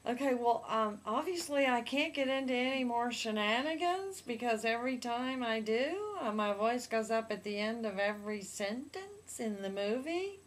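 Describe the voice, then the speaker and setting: A young woman chatting casually about a movie, playful and teasing, dropping into hushed asides. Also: fairly high pitch, animated, normal speed, few pauses. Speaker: movie reviewer. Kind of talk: casual comedic chat.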